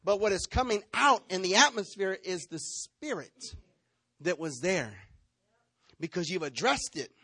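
High-voiced preacher in a dry room. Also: male voice, measured pace, breathy edge, dry recording. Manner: animated preaching, acting out congregants. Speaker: pastor. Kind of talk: sermon.

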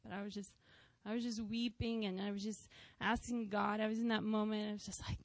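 A woman's voice: medium pitch, flat delivery, fairly quick, hardly any pauses, no room sound. A woman, a worship leader and mother, giving an earnest personal testimony to a church, with frequent "you know" asides. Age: adult, a mother of school-age kids.

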